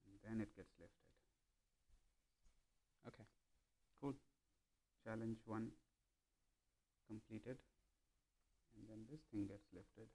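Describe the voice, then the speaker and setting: A young man talks casually through a live stream. His voice sits on the low side. He reads instructions out loud, then drops dry, joking asides between them. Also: poor audio. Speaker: streamer building a PC.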